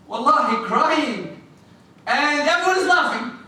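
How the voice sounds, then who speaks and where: A man preaching a sermon in a mosque, animated, acting out little scenes and putting questions to his listeners. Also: high voice, unhurried, long pauses. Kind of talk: sermon to a congregation. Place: mosque prayer hall. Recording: echoey hall, distant mic.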